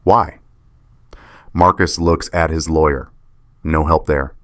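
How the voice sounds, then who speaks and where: Deep-voiced man narrating a story. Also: steady tone, unhurried, no room sound, studio quality. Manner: short, clipped sentences. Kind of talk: scripted first-person story narration.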